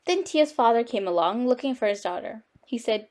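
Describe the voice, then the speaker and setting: A woman reads a children's story aloud with lively, expressive delivery. Her voice sits a bit high, and she leans into the telling like a storytime host. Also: fairly quick, few pauses. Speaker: storytime reader.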